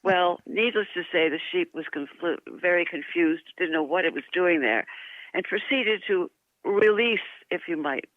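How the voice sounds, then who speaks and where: An older woman, a guest actress, telling lively anecdotes in an interview, laughing often and poking fun at herself. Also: on the low side, moderate pace, no echo. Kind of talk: interview storytelling. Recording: tinny phone line.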